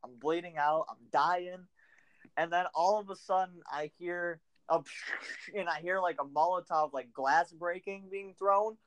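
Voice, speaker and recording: A man's voice: sits high, fairly even intonation, unhurried. A young man co-hosting a casual gaming chat, rambling with many filler words and laughing often. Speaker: podcast co-host. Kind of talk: casual chat about a video game.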